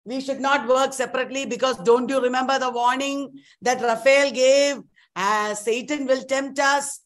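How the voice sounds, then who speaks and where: A woman's voice: high-pitched, fairly even intonation, moderate pace, close to an everyday voice. A woman voicing a cautious first man who pleads with his wife, speaking in a worried way. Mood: pleading.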